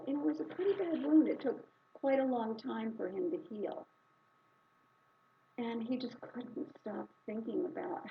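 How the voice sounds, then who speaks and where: A woman telling a story during a spiritual service in an animated, conversational way. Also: a little high, gravelly. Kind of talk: sermon storytelling. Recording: slightly dull recording with faint hiss.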